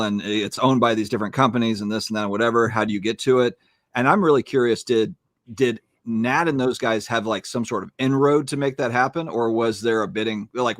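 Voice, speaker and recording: A man's voice: on the low side, no room sound, studio quality. A man co-hosting a casual livestream chat, asking curious questions and teasing the others. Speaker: co-host reading super chats.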